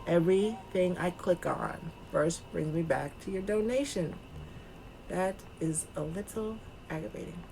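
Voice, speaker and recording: A woman's voice: on the low side, a little slow, gravelly, warm tone, a little hiss or hum. A woman hosting a casual vlog, reading web text aloud and chatting with asides to viewers in a playful put-on accent. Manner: chatty, talks straight to the viewers and to the candidate. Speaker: host.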